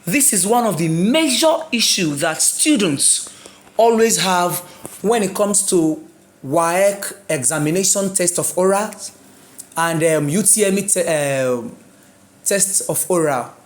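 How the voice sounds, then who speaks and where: Woman tutor, slightly low. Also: animated. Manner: repeats words slowly with rising emphasis, asks the class questions. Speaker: English exam tutor. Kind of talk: classroom-style video lesson.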